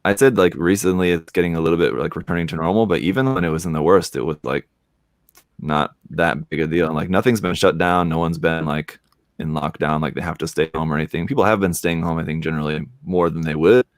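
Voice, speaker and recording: A man in casual chat, talking quickly and loosely with many fillers. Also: a bass voice, dry recording. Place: lives in Korea.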